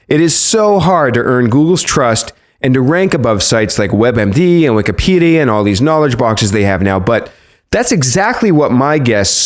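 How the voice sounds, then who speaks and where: A man in a middle register hosts a podcast, reading his intro with a lively, playful bounce. His pitch moves around a lot for emphasis. A little music plays faintly behind him. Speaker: podcast host. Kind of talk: scripted podcast intro and interview.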